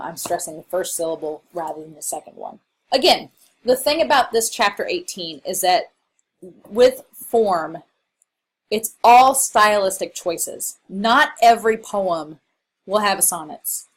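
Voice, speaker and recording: Female English instructor, recorded slide lecture; relaxed, filler-heavy delivery, faint background hiss. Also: medium pitch, low-quality recording. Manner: casual, explanatory, with frequent fillers.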